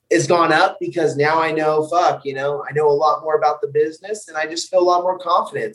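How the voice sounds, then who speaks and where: A young man, a wrestler, telling wild road stories on a podcast in a loud, profane, animated way. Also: on the high side, distant mic, poor audio. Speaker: wrestler guest. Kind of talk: casual podcast storytelling.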